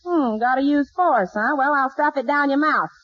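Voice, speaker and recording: Woman playing a scatterbrained country gal, high voice, folksy wisecracks, muffled 1940s radio broadcast. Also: normal speed, no room sound, lightly acted. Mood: zany. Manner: folksy, punning, brassy. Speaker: comedy star of a radio sitcom. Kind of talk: 1940s radio sitcom acting.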